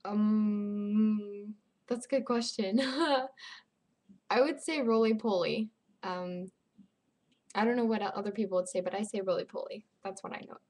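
Slow, hesitant young woman on webcam. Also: mid-range voice. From Las Vegas, Nevada. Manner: relaxed, hesitant, lots of ums and likes. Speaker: vlogger. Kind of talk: casual webcam vlog. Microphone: webcam mic.

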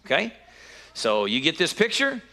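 Animated, bright-voiced man preaching. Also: moderate pace, vocal fry. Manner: animated storytelling with sudden high-pitched exclamations. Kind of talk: sermon.

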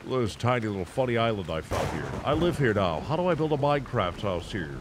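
A man's voice: fairly low pitch, big pitch swings, fast talker, noisy background. A man casually commenting while streaming a video game, playful and profane.

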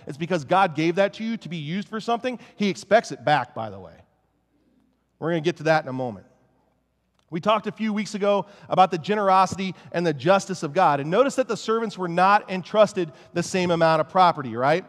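A male pastor delivers an animated, conversational sermon, jokey and self-aware. His voice sits a little above the usual male range. It carries the long, lingering reverb of a church sanctuary. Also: high voice, brisk. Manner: casual, joking, animated preaching.

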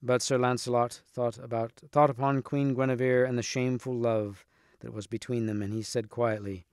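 A man reading a storybook aloud with steady, clear narration. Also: mid-range voice, moderate pace, no room sound, clean studio sound. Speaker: reader.

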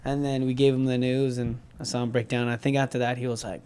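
A young man from Southern California tells a story as a podcast guest, his voice sitting at an everyday middle pitch. He talks in a loose, animated way, swearing freely and acting out what other people said. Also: quick pace, slight background noise. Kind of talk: casual storytelling chat.

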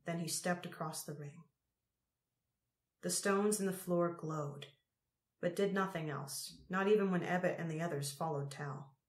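Woman narrator, audiobook, measured reading, lowish voice, roomy echo.

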